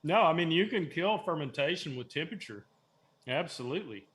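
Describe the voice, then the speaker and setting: A man guest explaining brewing in a relaxed, knowledgeable way, with many fillers. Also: fairly high pitch, a little fast. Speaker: guest brewer. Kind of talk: casual explaining.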